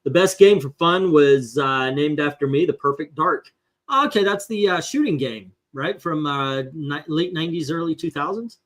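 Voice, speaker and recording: A middle-aged man hosting a casual comics panel chat, an animated storyteller who drops into impressions. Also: a little high, moderate pace. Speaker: comic book channel host.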